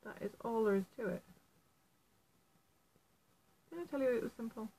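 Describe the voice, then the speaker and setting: A woman's voice: a little high, animated, normal speed, dark tone, slightly rough, low-quality recording. A woman with a Yorkshire accent giving a casual how-to tutorial on needle felting, chatty and self-deprecating, making apologetic asides as she works indoors at home. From Yorkshire, England. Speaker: felt artist teaching a tutorial.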